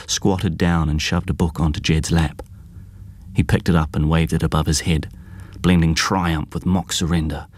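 A man giving measured, scripted audiobook narration of a story. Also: very deep voice, steady tone, darkish tone, dry recording.

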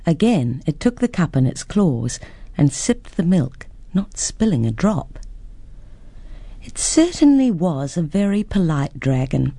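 A woman reading a children's story aloud with lively expression. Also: sits low, slightly rough, no echo.

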